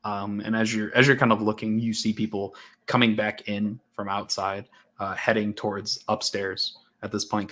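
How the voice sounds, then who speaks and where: A man's voice: fairly low pitch, fairly bright tone. A man narrating a tabletop game as game master, casual, with many fillers and restarts.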